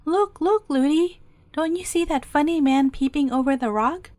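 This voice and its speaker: A woman's voice: sits high, normal speed, dry recording, studio quality, voice pushed up, close to an everyday voice. A woman voicing a curious, chattering little girl princess who calls out eagerly. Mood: excited. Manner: eager, excited calling out.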